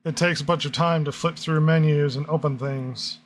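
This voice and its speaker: A man's voice: fairly high pitch, fairly even intonation, normal speed, a little hiss or hum. A man co-hosting a casual gaming podcast, joking and teasing as he sets things up. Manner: joking, teasing, laughs along. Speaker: podcast co-host. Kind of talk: casual chat.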